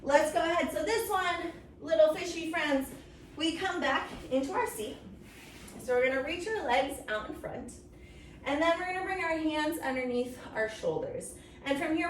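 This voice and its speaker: A woman leading a children's yoga story time, encouraging and playful, making silly animal sounds along the way. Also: high-pitched. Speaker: kids yoga instructor. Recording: roomy, from a distance, faint noise.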